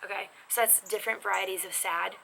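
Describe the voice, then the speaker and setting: Animated woman teacher with gravelly voice. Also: medium pitch, fast. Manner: animated, expressive, chatty. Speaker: sign language teacher. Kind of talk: casual video lesson. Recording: noisy background.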